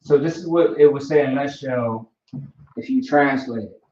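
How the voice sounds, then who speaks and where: A man teaching a language class in a casual, relaxed way, often checking in with "right?" and "you know". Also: mid-range voice, moderate pace. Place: classroom, writing on a board. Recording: roomy, distant, dull lo-fi sound.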